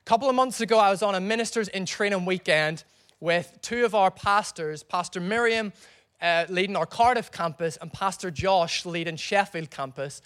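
Animated preacher man, high voice. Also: moderate pace. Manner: animated storytelling preacher with crowd prompts. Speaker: pastor. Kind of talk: sermon.

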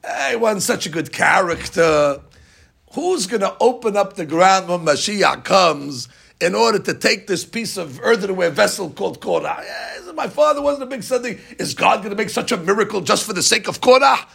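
A man's voice: high-pitched, expressive, moderate pace, creaky, a bit bright, breathy edge, full character voice. A man doing a rueful ancient psalmist. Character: ancient male psalmist, rueful about his father.

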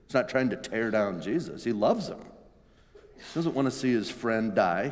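A man's voice: mid-range voice, darkish tone. A pastor giving a sermon in an earnest, conversational way, often restarting his phrases. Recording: long reverb in a large hall.

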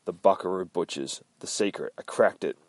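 A man's voice: low voice, moderate pace, no echo, lightly acted. A man doing a frantic, sweary male detective. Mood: urgent. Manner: loose, sweary retelling voice. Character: frantic male detective urging his friend.

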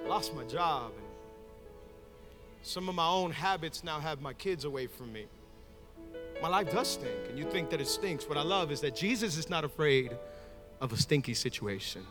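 A man preaching a sermon in a church, moving from casual storytelling to shouted, fervent exhortation. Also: a little high. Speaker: pastor. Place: church sanctuary with congregation.

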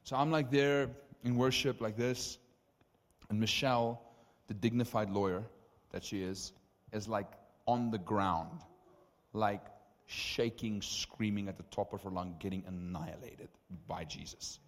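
A man's voice: lowish voice, unhurried. Man preaching in a reverberant hall. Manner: animated, conversational, many asides and fillers. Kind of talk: sermon storytelling.

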